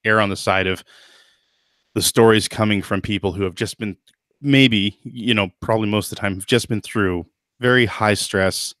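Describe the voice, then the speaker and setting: A man's voice: fairly low pitch, normal speed, a bit bright, dry recording, clean studio sound. A man hosting a podcast in casual chat, thoughtful and hedging, with lots of fillers and restarts. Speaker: podcast host.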